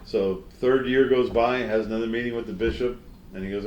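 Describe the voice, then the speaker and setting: A man's voice: medium pitch, fairly even intonation, brisk, darkish tone, echoey room, muffled recording, a little hiss or hum. A man, a comedian guest in an interview, telling old jokes in a folksy way and slipping into character voices. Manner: folksy joke-teller, slips into character voices.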